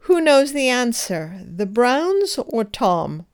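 Slow, clear-voiced woman teaching grammar. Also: fairly high pitch, sing-song. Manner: careful, deliberate enunciation with pauses for repetition. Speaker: English teacher. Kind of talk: slow scripted grammar drill.

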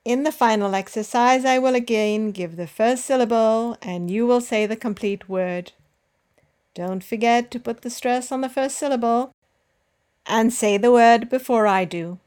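A woman teacher hosting a pronunciation podcast, reading out words slowly and carefully for listeners to repeat. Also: on the high side, a little mellow, smooth. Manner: slow, carefully enunciated drilling. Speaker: language teacher.

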